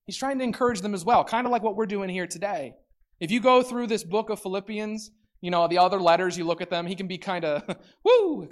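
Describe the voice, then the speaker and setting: A preacher giving a sermon, reading scripture slowly and deliberately, then swinging from soft reflection to loud, excited exclamations. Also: medium pitch.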